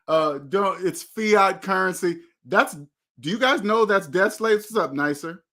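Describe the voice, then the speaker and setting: High-voiced man preaching hard about money. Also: lively intonation, measured pace, fairly bright tone. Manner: preachy, emphatic, repeats himself. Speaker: host. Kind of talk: motivational money talk.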